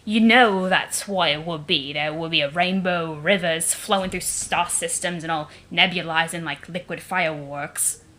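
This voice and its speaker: A woman voicing an arrogant, foul-mouthed young male troll prince in a deliberately mangled British accent, vaguely Liverpool or Cockney. He swaggers and sneers, and he swears a lot. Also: lowish voice, pushed and bright. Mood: sneering.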